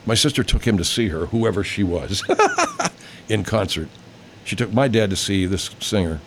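A man's voice: fairly low pitch, normal speed, slight background noise. A middle-aged man in a rambling, profane, casual reaction vlog, mocking himself as he goes.

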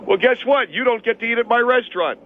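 A man doing a smug, boastful restaurant owner who brags about himself in the third person. Fairly high, nasal-edged voice over a tinny phone line, with a faint hiss underneath. Comic radio call-in bit. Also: quick pace. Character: arrogant boastful male restaurant owner, middle-aged. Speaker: show guest.

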